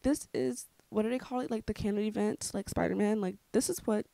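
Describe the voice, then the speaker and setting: A young woman vlogger telling a casual story, chatty and full of fillers, with dark jokes. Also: medium pitch, a little fast, vocal fry, no echo. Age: young adult. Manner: chatty, filler-heavy, darkly joking.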